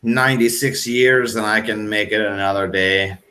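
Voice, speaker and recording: A man voicing a very old man in his nineties who speaks slowly, formally and ominously. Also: fairly low pitch, steady tone, bright, forceful tone.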